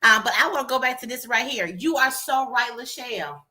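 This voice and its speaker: A woman with a Southern US accent co-hosting a casual online chat, animated and quick to laugh. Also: on the high side. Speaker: co-host.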